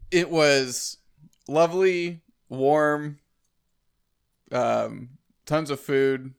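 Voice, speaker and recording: Gravelly-voiced man in upbeat banter. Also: on the high side, fairly even intonation, drawn-out words. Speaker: co-host. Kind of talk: casual podcast chat.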